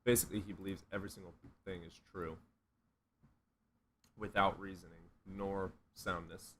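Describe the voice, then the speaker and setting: A man's voice: deep voice, little pitch movement, moderate pace, a bit bright, a little hiss or hum. A man doing casual, blunt livestream commentary on a desk USB microphone, sarcastic and profane. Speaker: streamer.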